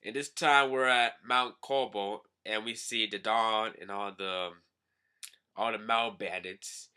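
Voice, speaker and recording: A young man hosting a casual manga recap, talking loosely and jumping into high shouted voices for the characters. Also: takes it slowly, smooth. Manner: animated, jumps into loud high-pitched shouted character voices. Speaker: manga review host.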